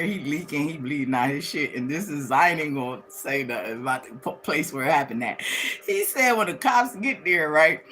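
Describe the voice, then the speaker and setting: Woman livestream host: candid, animated storyteller, low bright voice that jumps high for quoted lines, faint noise behind. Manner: animated, swings into high acted-out quotes of others; candid, slangy, laughs as she talks. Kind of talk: casual storytelling to viewers.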